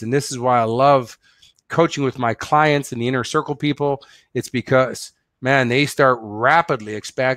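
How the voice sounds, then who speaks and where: A middle-aged man, working as a business coach, runs a casual motivational webinar, speaking earnestly and telling stories packed with fillers in a conversational way. His voice sits at medium pitch with a slightly bright edge. The recording is dry and studio quality.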